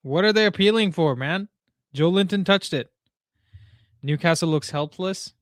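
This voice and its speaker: A young man hosting a live football watchalong, talking excitably to chat in slangy casual speech. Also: sits high, normal speed, no room sound, studio quality. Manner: excitable, slangy, frequent "bro" and "dude". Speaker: watchalong host.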